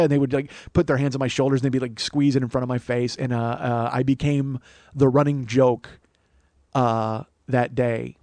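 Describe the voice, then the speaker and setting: A man in his forties, a podcast host, telling a story in a profane, rambling way full of halting restarts. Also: mid-range voice, mellow, no echo. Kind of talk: comic storytelling monologue.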